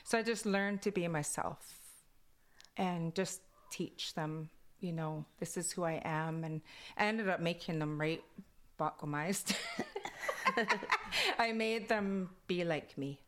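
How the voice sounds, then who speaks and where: A woman with a Kwakwala-influenced accent in her English tells stories in an animated, casual way, slipping in plenty of "like." Her voice sits a little low for a woman, and her laughter comes readily. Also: takes it slowly. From Alert Bay, British Columbia, Canada. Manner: animated, laughing often, uses "like" a lot. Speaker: interviewee. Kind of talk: casual storytelling.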